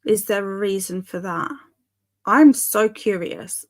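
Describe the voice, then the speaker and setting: Slow-talking, giggly woman streamer. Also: mid-range voice. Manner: chatty, giggly and bemused. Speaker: livestream host. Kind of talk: casual live-stream chat reading comments aloud.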